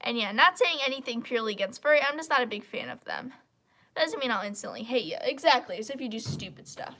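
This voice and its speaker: A woman with a slightly high voice rants bluntly on a live stream. She rambles from point to point and airs her opinions without holding back. Her voice sounds congested, as if her throat is clogged. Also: animated, quick pace, pushed and bright. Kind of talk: casual live-stream rant.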